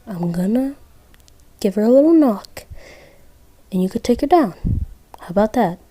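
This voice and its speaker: A woman's voice: a little high, expressive, normal speed, mellow. A woman voicing a foul-mouthed, scheming male killer doll who swears and eggs the listener on. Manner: crude, swearing, egging on.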